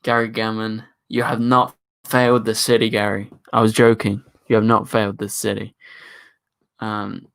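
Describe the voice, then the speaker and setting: A man's voice: lowish voice, completely flat delivery, moderate pace, creaky, a bit bright, smooth. A young man hosting a casual live stream, chatting, joking and reading viewer comments aloud.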